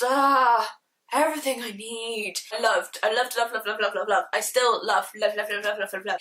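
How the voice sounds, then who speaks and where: A woman's voice: fairly high pitch, pushed and bright, low-quality recording. A woman from Shropshire chatting casually through book reviews in a gushing, slangy, self-mocking way. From Shropshire, England. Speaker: book vlogger.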